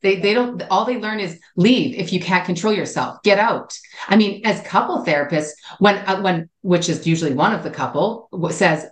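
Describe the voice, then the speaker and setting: A woman co-hosting a psychology podcast, speaking in a reflective, measured and affirming way. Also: on the low side, lively intonation. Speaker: podcast co-host, relationship psychologist. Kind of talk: casual chat. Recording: roomy echo.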